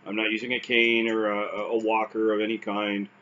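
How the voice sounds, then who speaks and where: A man's voice: lowish voice, completely flat delivery, moderate pace, sharp tone. Canadian guy vlogging, dry jokey self-mocking, a bit muffled with light hiss. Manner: wry, self-deprecating, with restarts and fillers. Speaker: vlogger recounting stroke recovery. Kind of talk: casual talk to camera.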